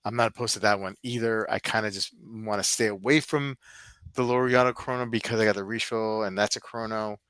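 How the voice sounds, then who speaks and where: Guy hosting a live stream, thinking out loud, kinda low voice but bright and forceful. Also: steady tone, fairly quick, clear, resonant tone, no echo. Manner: rambling, thinking aloud while browsing. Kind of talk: casual live-stream chat.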